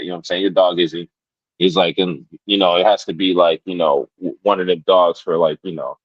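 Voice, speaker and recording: Low-voiced man telling a rambling story. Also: fairly even intonation, brisk, no room sound, lo-fi sound. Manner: rambling with many restarts and fillers. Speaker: podcast guest. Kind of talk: casual storytelling.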